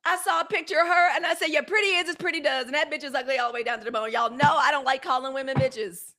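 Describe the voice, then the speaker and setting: A woman's voice: high voice, fast talker, pushed and bright. A woman hosting a daily live news show, talking casually and bluntly to her viewers, chatty and outspoken with frank, profane rants. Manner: chatty, outspoken, addresses viewers as y'all and girl. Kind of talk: casual live-stream commentary.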